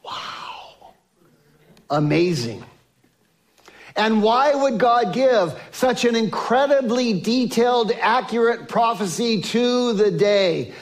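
A man preaching a sermon, emphatic, swinging from exclamations to hushed tones. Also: very high-pitched, lively intonation, slow pace. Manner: acts out quoted speech of biblical figures.

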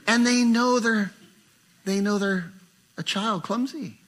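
Bright-voiced older male preacher. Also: unhurried, pauses often. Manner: animated, acts out inner voices with rising pitch. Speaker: pastor. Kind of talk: sermon.

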